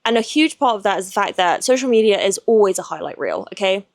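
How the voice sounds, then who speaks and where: A woman hosts a candid personal podcast, speaking in a middle-pitched voice that sounds close and dry. Her talk is frank and loose, with easy swearing and frequent likes and restarts. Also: lively intonation, quick pace, no echo. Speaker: podcast host.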